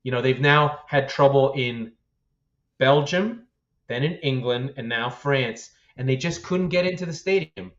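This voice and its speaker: A man co-hosting a football podcast in loose, animated chat, swearing freely and laughing between points. His voice sits at a middling pitch, and the audio sounds slightly dull and muffled. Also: measured pace. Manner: animated, profane, laughs often. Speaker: podcast co-host.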